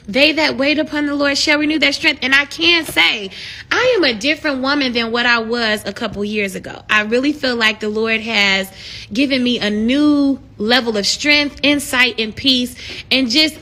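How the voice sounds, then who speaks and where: A woman talking casually on a live stream, encouraging her viewers in an animated, preachy way that swells into excited shouts. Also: high-pitched.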